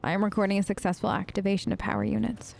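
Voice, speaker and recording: A woman's voice: mid-range voice, little pitch movement, racing, gravelly, darkish tone, slight background noise. Chatty woman narrating a game. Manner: chatty, reads dialogue with restarts and asides. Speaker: let's play host. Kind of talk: casual gameplay commentary reading game text aloud.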